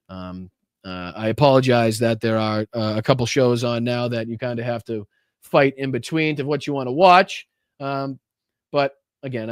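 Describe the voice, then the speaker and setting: Heated male livestream host, crisp and dry. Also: medium pitch, no room sound. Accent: Boston. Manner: heated, repetitive, many fillers and restarts. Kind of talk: casual livestream commentary and viewer shout-outs.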